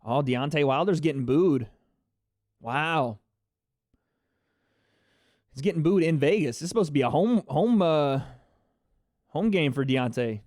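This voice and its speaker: A man hosting a live fight reaction stream, excitable and chatty, talking to his chat viewers. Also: a little high, measured pace, pauses often, no room sound, studio quality. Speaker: livestream host.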